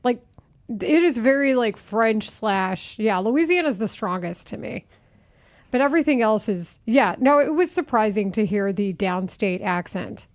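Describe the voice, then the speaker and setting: A woman from Texas hosting a sports radio show in a studio, chatting in an animated way and reading breaking news. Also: medium pitch, unhurried. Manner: animated, reads sponsored news.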